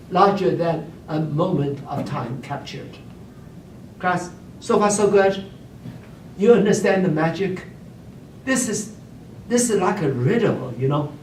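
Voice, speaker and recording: Male teacher, unhurried, checks in with students often; roomy distant classroom sound with faint hiss. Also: high voice. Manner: keeps checking in with the class, hums and sings examples. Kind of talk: classroom lecture. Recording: roomy classroom recorded from afar.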